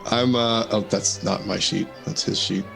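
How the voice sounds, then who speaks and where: A man with a fairly low voice plays a tabletop game in an easygoing way. He lays out his character's moves in plain terms. Faint music runs behind him. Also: steady tone, normal speed, vocal fry. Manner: easygoing, narrates own moves. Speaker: player. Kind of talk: casual tabletop play.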